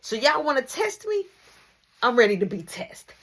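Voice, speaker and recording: A woman voicing a tough, no-nonsense mother who threatens her sons with slow, drawn-out warnings. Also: high voice, big pitch swings, a bit bright, husky, pitched above the performer's own voice, exaggerated voice. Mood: stern.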